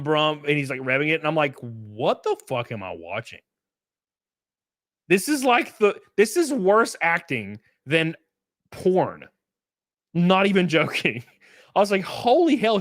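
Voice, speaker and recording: A man's voice: high-pitched, fairly bright tone, dry recording, clean studio sound. A young man giving loose, profane, rambling live-stream commentary.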